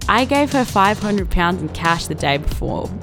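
A woman's voice: mid-range voice, big pitch swings, moderate pace, music in the background. A young Australian woman in her twenties telling a story in a casual vlog, chatty and profane, full of likes and laughing asides. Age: 20s.

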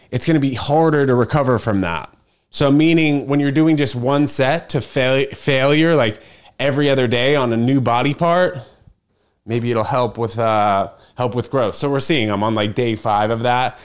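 A man's voice: mid-range voice, clean tone. A young man, chatting solo in a loose, rambling way to a camera set on his fridge at home. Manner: rambling, filler-heavy storytelling. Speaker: podcast host. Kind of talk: casual solo vlog chat. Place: apartment kitchen. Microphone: camera on a refrigerator.

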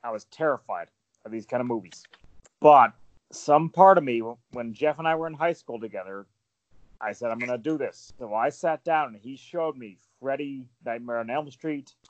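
Animated man telling stories on a lo-fi mic. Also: medium pitch, moderate pace. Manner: animated, storytelling, frequent fillers. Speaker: podcast panel host. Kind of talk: casual panel chat.

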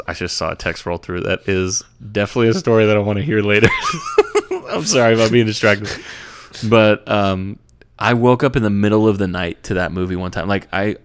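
Laid-back guy, lowish voice. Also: sing-song, brisk, clear, resonant tone. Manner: laid-back, profane, many fillers and restarts. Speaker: podcast co-host. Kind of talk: casual chat about sports.

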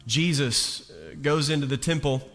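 Male pastor, sermon, slow and emphatic, bright forceful tone, reverberant hall. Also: medium pitch, animated. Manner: slow and emphatic, building to loud peaks. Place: church sanctuary. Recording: long reverb of a large hall. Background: soft instrumental music.

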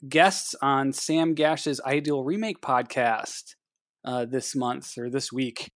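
A man's voice: medium pitch, fairly even intonation, slow, no echo. Chatty man with a dry close sound. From Ohio, USA. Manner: chatty, many fillers and restarts. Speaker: podcast co-host. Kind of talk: casual chat.

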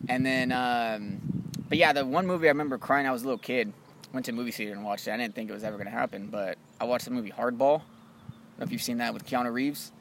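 A young man in casual chat about movies, loose and animated, swearing freely and calling his friend dude and bro. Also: mid-range voice, quick pace, noisy background.

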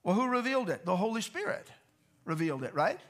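A man's voice: high voice, big pitch swings, fast talker, fairly bright tone. A man preaching a Bible teaching sermon in a conversational way, asking rhetorical questions and repeating words as he explains. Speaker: pastor.

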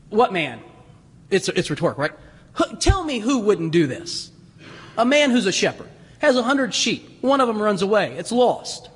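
Animated male preacher in a reverberant church. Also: sits high, breathy edge. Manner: animated, laughs often, acts out voices. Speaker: pastor. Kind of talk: sermon.

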